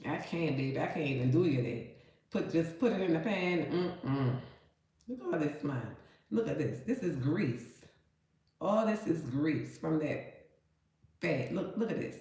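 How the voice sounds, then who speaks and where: A woman's voice: sits low, expressive, measured pace, mellow. A woman, chatting folksily to viewers while she cooks and cleans meat in her kitchen. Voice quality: nasal. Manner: chatty, folksy, calls viewers baby and honey. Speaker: cooking vlogger. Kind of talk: casual cooking talk to viewers. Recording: very echoey room.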